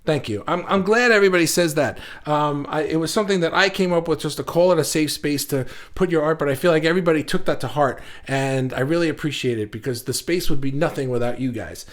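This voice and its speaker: A man hosting a casual livestream, talking excitedly to viewers and reading their comments, halting often with restarts. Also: on the high side. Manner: says he talks fast when excited. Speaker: livestream host. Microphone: phone.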